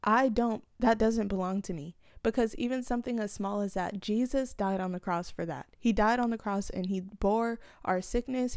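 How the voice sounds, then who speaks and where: A woman's voice: medium pitch, a little mellow, no echo, clean studio sound. A woman hosting her own podcast, talking through her faith in a casual, earnest, rambling way with many fillers and restarts. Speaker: podcast host.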